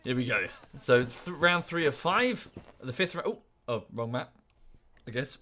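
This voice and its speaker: A man's voice: mid-range voice, lively intonation, measured pace, sharp tone. A man chatting and joking as he streams a game. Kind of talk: casual gaming commentary.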